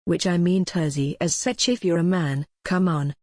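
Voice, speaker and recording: A text-to-speech woman's voice reading the lines of a plain-spoken, gentle male village blacksmith in a classic novel audiobook. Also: lowish voice, normal speed, dry recording, clean studio sound, lightly acted. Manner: even, machine-read delivery.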